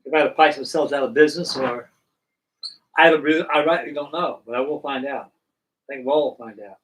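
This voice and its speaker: A man's voice: mid-range voice, a little fast, fairly bright tone, recorded from a distance, poor audio. A middle-aged man hosting a live stream, chatting casually and folksily while he builds models, with rambling talk and casual swearing.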